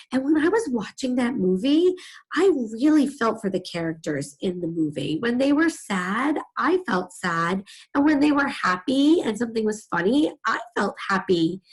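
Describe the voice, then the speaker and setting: A woman's voice: a little high, very animated, moderate pace, slightly rough, low-quality recording. A middle-aged woman teacher giving a reading lesson to young children, telling the story expressively.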